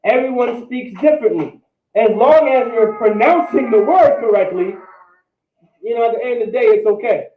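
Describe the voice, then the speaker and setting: A man teaching a language class in a classroom or meeting room repeats words and keeps checking in with "all right?". His very high voice has lively intonation at normal speed, and the roomy, distant, phone-like recording carries slight background noise.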